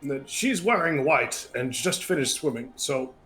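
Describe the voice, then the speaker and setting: Guy teasing while gaming, bouncy lively voice. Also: medium pitch, unhurried, soft background music. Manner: playful, teasing. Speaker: co-op gaming partner. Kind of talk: casual gameplay chat.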